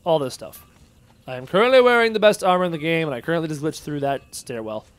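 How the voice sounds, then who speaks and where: A man's voice: a little high, fast talker. A man livestreaming a game, casually chatting, joking and reading out viewer messages as he plays. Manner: animated, jokey, reads out chat messages. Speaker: gaming livestreamer. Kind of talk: casual livestream chat while playing.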